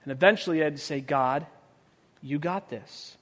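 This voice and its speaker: A man preaching a sermon as pastor, telling stories with humor and acting out the quotes, his voice swinging from quiet to loud. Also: on the high side, moderate pace. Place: church sanctuary. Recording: long church reverb.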